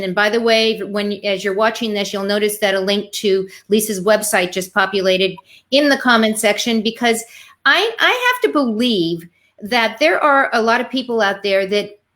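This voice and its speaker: A woman hosting an online talk show over a video call, interviewing a guest in a warm, affirming manner. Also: fairly high pitch. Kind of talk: casual interview chat.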